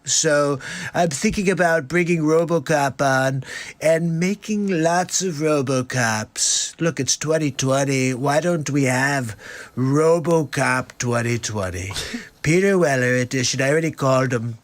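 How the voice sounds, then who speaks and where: A man's voice: mid-range voice, unhurried, lightly acted. A man doing an impression of a brash, boastful male politician who announces plans and keeps repeating "that's right". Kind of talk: live comedy impression.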